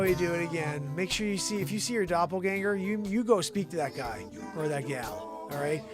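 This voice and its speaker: A man hosting a casual comedy news livestream, calling out names of viewers in lively shout-outs. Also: high-pitched, moderate pace, music in the background. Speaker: host. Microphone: desk mic.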